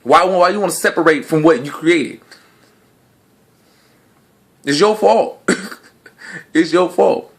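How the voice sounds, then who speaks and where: Give me a man with a fairly high voice arguing a point in a casual monologue, slangy and full of rhetorical questions. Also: takes it slowly, long pauses. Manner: rhetorical questions, slangy, swings from low and quiet to loud and high; laughs between points. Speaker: video blogger.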